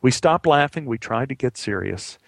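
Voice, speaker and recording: Male storyteller, vivid dramatic telling, gravelly voice, dry close sound. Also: mid-range voice, expressive, moderate pace, no room sound. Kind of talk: spoken personal storytelling.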